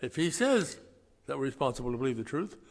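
Emphatic preacher in a reverberant hall. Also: male voice, medium pitch, big pitch swings, fast, vocal fry. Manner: emphatic, swings between loud stresses and quiet asides; folksy, conversational preaching. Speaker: pastor. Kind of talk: sermon.

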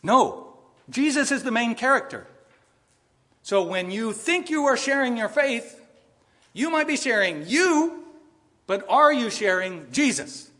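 A man preaching a sermon in a church, emphatic and swinging between loud and soft. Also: extremely high pitch, sing-song, unhurried, pauses often. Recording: long reverb in a large hall.

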